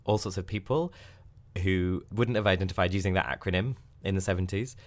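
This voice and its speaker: A man hosting a podcast, narrating from a script in a measured, explanatory way. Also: low-pitched. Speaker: podcast host.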